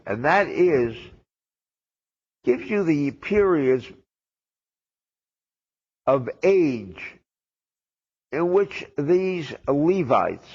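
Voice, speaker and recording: Slow, gravelly rabbi preaching a sermon. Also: male voice, mid-range voice. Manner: wry and sarcastic, with rhetorical questions. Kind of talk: sermon on the weekly Torah portion. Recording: dull lo-fi old recording.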